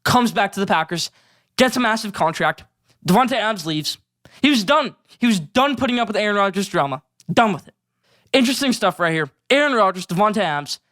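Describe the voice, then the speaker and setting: A man's voice: high-pitched, expressive, fairly quick, fairly bright tone, no echo, clean studio sound. A young man hosting a solo sports show, running hyped, emphatic segments and repeating his points. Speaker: sports podcast host.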